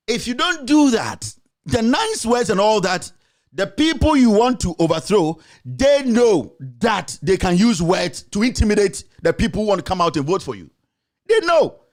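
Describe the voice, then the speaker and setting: Guy, high voice, fired up political rant, keeps hammering the same point. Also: sing-song, measured pace. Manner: urgent, forceful and repetitive, rising to shouts. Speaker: political commentator. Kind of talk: impassioned political commentary.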